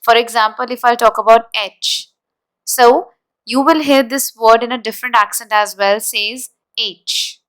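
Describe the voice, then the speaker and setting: A woman teacher walking through exam answers in a deliberate, explanatory way, spelling words out slowly. Her voice is fairly high and smooth, with a resonant tone. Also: fairly bright tone, low-quality recording. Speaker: IELTS teacher. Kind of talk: exam-prep lesson.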